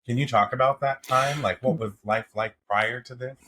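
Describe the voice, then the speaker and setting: A man hosting a podcast, asking slow, searching, gentle questions. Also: mid-range voice, a little hiss or hum. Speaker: podcast host. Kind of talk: interview questions.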